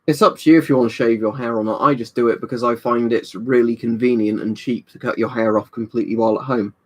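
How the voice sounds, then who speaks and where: His voice is mid-range with a darkish tone, fairly even intonation, and a quick pace: a young British livestream host at home, slightly tipsy from a drink. He reads viewer comments in a rambling, chatty manner, constantly saying "um" and "you know."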